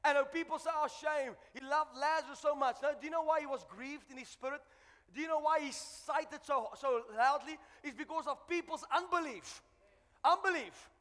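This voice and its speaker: A high-pitched man preaches a sermon to his congregation, swinging between loud, shouted calls to the crowd and quiet, joking asides. His voice carries a long church-hall reverb. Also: normal speed. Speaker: pastor.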